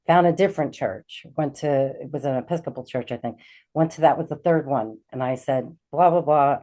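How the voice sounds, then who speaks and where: A middle-aged woman with a low, mellow voice tells a personal story as a talk-show guest. She is animated and slips into the voices of the people she quotes. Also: fairly quick. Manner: animated, acts out quoted dialogue. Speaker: guest, intuitive healer.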